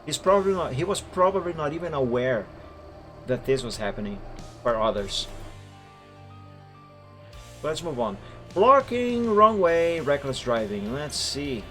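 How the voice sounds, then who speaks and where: A man's voice: medium pitch, moderate pace, pauses often. Man explaining gameplay footage step by step. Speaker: streamer and game server moderator. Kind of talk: live-stream commentary reviewing gameplay footage. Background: faint background music.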